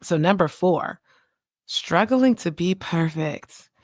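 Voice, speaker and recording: A chatty woman in her thirties talks straight into a close mic, her voice sitting a little low for a woman. She is animated and laughs easily as she hosts her own podcast. The sound is dry, with no room around it. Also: takes it slowly, no room sound. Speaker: podcast host, child psychiatrist. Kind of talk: casual solo podcast talk.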